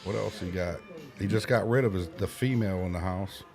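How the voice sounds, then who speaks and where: A man's voice: deep voice, fairly quick, darkish tone, soft background music. A man co-hosting a casual podcast, full of crude, joking banter. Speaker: podcast co-host. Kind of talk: casual chat.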